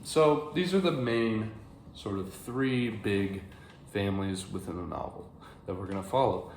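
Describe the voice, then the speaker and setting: A man's voice: on the low side, measured pace, darkish tone. A young American man giving a rambling, casual book review to camera, with many fillers and restarts. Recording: echoey room, faint background hiss.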